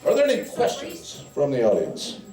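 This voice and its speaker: A man's voice: on the high side, huge pitch swings, normal speed, over music. Cowboy standup man, rambling and folksy, mid-range voice, recorded live in an echoey bar from a distance. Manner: folksy cowboy drawl, rambling, breaks into silly singing. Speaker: standup comedian. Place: bar and grill with live audience. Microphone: handheld mic.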